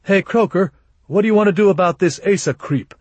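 A man voicing a rough mercenary soldier who hollers his lines fast in an audiobook. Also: sits high, a little mellow, no echo, dull audio, voice pushed up. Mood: hollering. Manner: hollering, rapid.

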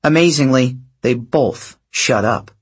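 Guy narrating a novel, slow, breathy raspy voice. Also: medium pitch. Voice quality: husky, breathy. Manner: slow, expressive storytelling. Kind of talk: audiobook narration.

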